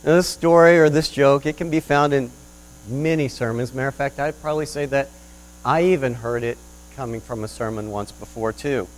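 A man's voice: medium pitch, moderate pace, poor audio. A man preaching a sermon as pastor, telling an illustration story in an earnest, rising and falling manner. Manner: earnest storytelling with lively swells.

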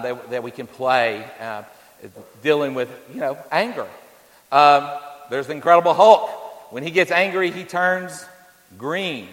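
A man's voice: fairly high pitch, a bit bright, big-room sound, rough recording. A man preaching a sermon as pastor, folksy and anecdotal, with many fillers and homespun stories.

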